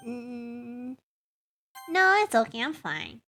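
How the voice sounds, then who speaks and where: A woman's voice: a little high, sing-song, a little slow, fairly bright tone. A woman streaming a game, chatting casually with her viewers, greeting them by name and teasing herself. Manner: chatty, self-mocking, greets chat by name; playful, hums and makes silly noises. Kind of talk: casual live-stream chat.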